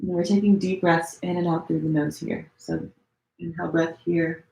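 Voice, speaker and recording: A woman leads a gentle yoga flow in an echoey room at home, her voice sitting low. Her cues are relaxed and chatty, full of little fillers. She demonstrates each pose as she talks, and sounds a touch strained while holding them. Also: moderate pace, vocal fry. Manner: demonstrating poses while talking. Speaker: yoga teacher. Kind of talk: live-streamed yoga class instruction.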